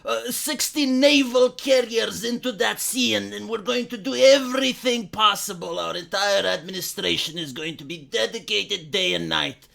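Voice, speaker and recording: A man doing a sarcastic impression of a pandering woman politician, slow and halting with put-on accents. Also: high-pitched, gravelly, bright, forceful tone, exaggerated voice. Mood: pompous.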